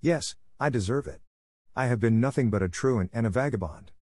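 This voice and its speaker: A man's voice: on the low side, sing-song, fairly quick, a little mellow, dry recording, studio quality. A man voicing a tearful marionette boy who pleads and sobs. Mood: remorseful. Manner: sobbing, pleading.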